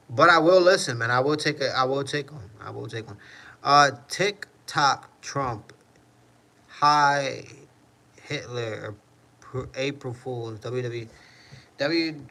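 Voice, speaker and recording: A man's voice: mid-range voice, bright, forceful tone, poor audio. A man hosting a casual livestream, reading chat comments and answering in a rambling way, often repeating "you know what I mean".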